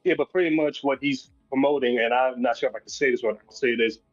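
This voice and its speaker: A man's voice: medium pitch, fast talker, soft background music. A man in a casual online voice chat, ranting angrily about someone while at work. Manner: angry ranting. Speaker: voice chat participant. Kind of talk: heated casual discussion. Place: at his workplace. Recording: dull lo-fi call audio.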